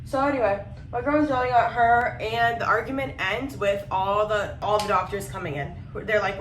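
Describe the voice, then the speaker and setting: A woman's voice: mid-range voice, fairly even intonation, moderate pace, few pauses, distant mic, a little hiss or hum. A young woman vlogger telling a personal story in a rambling, emotional way, with lots of fillers and restarts. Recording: echoey room, voice off-mic.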